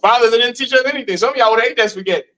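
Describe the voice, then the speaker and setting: Guy from missouri preaching a lecture, high voice, asks the crowd stuff. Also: rapid-fire, pushed and bright, poor audio. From Missouri, USA. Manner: preachy, storytelling, questions the room. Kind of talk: street lecture.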